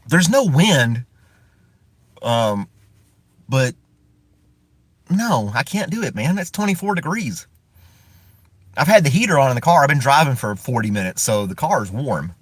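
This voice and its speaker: A talkative man from the United States chats through a live stream, his pitch moving up and down a lot. He often breaks into chuckles as he rambles. The sound is dry and close, as if he is sitting inside his parked car. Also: sing-song, unhurried, pauses often, a bit bright, no echo. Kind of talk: casual live-stream chat.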